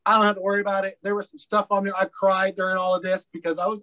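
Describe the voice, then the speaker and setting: A man from Colorado with a fairly high voice talks as a podcast guest. He tells his story candidly, rambling through fillers and swearing bluntly. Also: level tone, quick pace, hardly any pauses, bright, forceful tone, low-quality recording. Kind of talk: casual storytelling interview.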